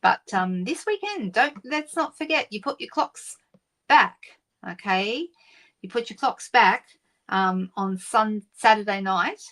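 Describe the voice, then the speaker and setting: A middle-aged woman hosts a live stream in a relaxed, chatty way. She greets viewers one by one and talks through her plans with easy fillers. Her voice sits at an ordinary middle pitch. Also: measured pace. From Australia. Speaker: papercraft demonstrator hosting a live stream. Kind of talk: casual live-stream chat.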